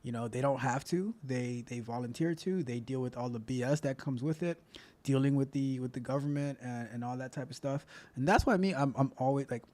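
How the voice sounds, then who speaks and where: A man's voice: medium pitch, brisk, a little mellow. A man hosting his coding channel, talking in a loose, rambling way and repeating himself as he comments. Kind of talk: casual reaction commentary.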